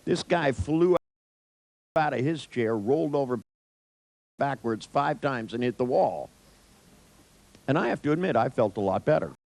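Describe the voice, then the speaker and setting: A man's voice: medium pitch, animated, measured pace, pauses often, a little mellow, rough recording. An older man telling a rambling personal anecdote in a wry, profane way, with many restarts and asides.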